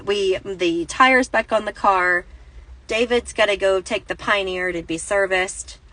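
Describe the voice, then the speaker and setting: Woman, 30s, casual Christian vlogger, bright tone, close dry phone sound, rambling storyteller. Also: mid-range voice, a little slow, dry recording, low-quality recording. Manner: rambling, self-correcting, laughs through the story. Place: inside a parked car.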